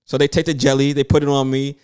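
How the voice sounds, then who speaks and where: Animated man in his thirties telling a story. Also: mid-range voice, quick pace, clear, resonant tone. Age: 30s. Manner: animated, acts out other people's lines, swears freely. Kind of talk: casual storytelling chat.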